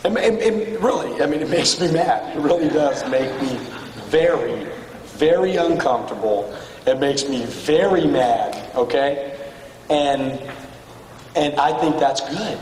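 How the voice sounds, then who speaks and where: 一位在大厅里远远录下的男性激励演讲者，声音偏高. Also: male voice, expressive, unhurried, noisy background. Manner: blunt and profane, swings between shouting and low intense tones. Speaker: motivational speaker at a sales retreat. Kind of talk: motivational speech to a room. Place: large hall with an audience. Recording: echoey hall from far off with faint ambience.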